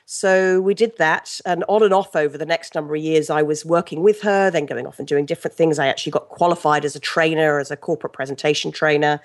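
A middle-aged woman with an English accent, a guest telling stories in a lively, chatty way with many restarts. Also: low voice, quick pace, few pauses. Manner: chatty, animated storyteller with frequent restarts and laughs. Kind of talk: casual interview chat.

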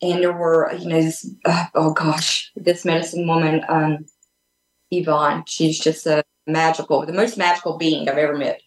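A deep-voiced woman with little pitch movement speaks at a moderate pace, sharing a personal story as a podcast guest. Joining remotely from an echoey room, she rambles in a casual, earnest, open way, restarting often and using many fillers.

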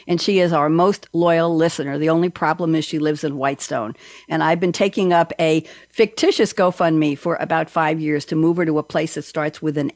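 Playful chatty lady hosting a radio show, kinda low voice, no room echo. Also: clean studio sound. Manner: playful, jokey, animated. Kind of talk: lively chatty radio talk.

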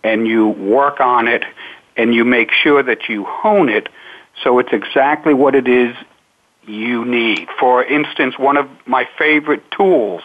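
A man guest explains his craft at a slow, measured pace, pausing often between thoughts. His voice comes through a thin, narrow phone line, like a call patched into a radio show. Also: medium pitch. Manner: measured, unhurried explanations with many pauses. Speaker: speaking coach, interview guest. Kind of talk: radio interview answers.

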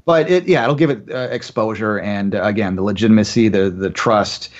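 A man's voice: on the low side, a little fast, muffled recording. A man as a guest analyst on a finance radio show, talking in a chatty way with many uh fillers and giving confident opinions.

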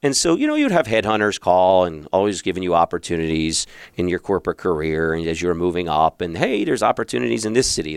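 Close-miked and dry with no room sound, a man from Philadelphia, a podcast host and relationship coach, tells his own story in a lowish, smooth voice. He's a lively storyteller who keeps restarting and acts out former thoughts in a raised voice.

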